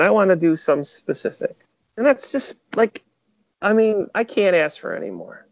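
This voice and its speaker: Animated, chatty man producer, dull audio. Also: high voice, normal speed, no echo. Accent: Metro Detroit. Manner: animated storyteller, many "like" fillers. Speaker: music producer. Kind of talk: casual interview chat.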